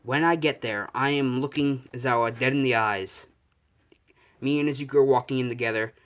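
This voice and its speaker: A young man improvising a fan story out loud, rambling and correcting himself, swearing casually. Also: medium pitch, steady tone, brisk.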